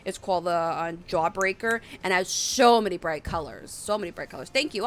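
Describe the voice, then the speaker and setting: Bright-voiced woman chatting on a stream. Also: medium pitch, normal speed, hardly any pauses. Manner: rambling, chatty, reads chat aloud. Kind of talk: casual live-stream chat.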